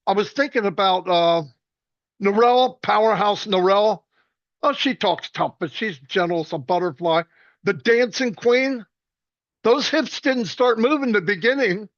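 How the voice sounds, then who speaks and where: A man giving a rambling, joking tribute full of quick stories and restarts. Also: sits high, fairly bright tone, dry recording. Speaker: speaker at a celebration. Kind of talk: casual storytelling tribute. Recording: dull dry lo-fi sound.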